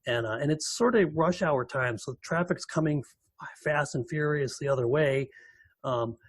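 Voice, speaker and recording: Husky-voiced man telling a story. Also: on the high side, normal speed, no room sound. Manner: lively, full of restarts and repeated words. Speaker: guest in recovery. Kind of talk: animated personal storytelling.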